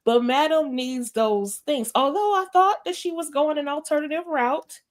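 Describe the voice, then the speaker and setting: A woman on a casual TV recap panel over a video call. She jokes her way through her takes and tells them in an animated way. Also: high-pitched, normal speed. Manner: joking, animated storyteller.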